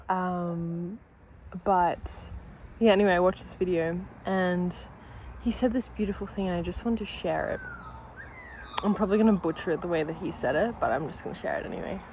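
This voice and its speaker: A woman's voice: medium pitch, a little mellow, a little hiss or hum, poor audio. Emotional, candid young woman vlogging at home. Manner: emotional, gushing, laughs through tears; candid, swears casually. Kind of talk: casual vlog chat. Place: at home during breakfast, with her dogs.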